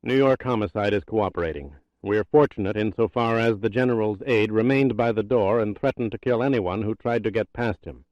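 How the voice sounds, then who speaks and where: A man's voice: lowish voice, fairly quick, hardly any pauses, darkish tone, dry recording, dull audio, close to an everyday voice. A man reading an audiobook, voicing a confident, matter-of-fact intelligence director giving a briefing. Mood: assured.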